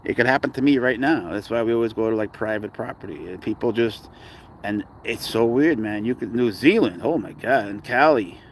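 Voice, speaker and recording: Speaking a little fast over slight background noise, this Canadian man runs a pet livestream and chats slangily with his audience. He shouts out the places viewers are tuning in from, then shifts into high, playful baby talk for his pet.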